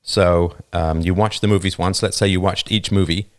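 At normal speed and with a steady tone, a low-voiced man hosts a livestream. He speaks emphatically and casually into a new studio microphone, frequently tacking on "right?"

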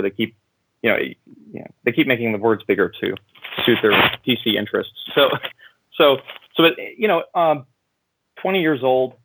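A man calling in to a show, telling a story in an animated way, repeating words and acting out what people said. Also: mid-range voice, no room sound, poor audio. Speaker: caller. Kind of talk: casual phone-in conversation.

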